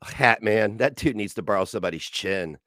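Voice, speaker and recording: Male streamer, angry profane rant, lively swooping delivery, dry close mic. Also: fairly low pitch, fairly quick, dry recording. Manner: profane, ranting, sarcastic.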